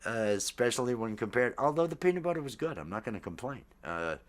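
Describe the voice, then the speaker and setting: A man in his fifties hosting a casual chat, rambling with halting fillers and frequent laughs. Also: mid-range voice, very animated. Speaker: podcast host.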